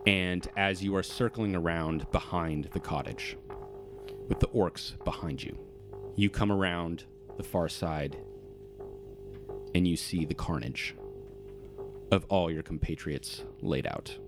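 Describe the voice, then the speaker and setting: A man's voice: low-pitched, takes it slowly, pauses often, music in the background. A man running a tabletop game as game master, narrating scenes in vivid, descriptive bursts.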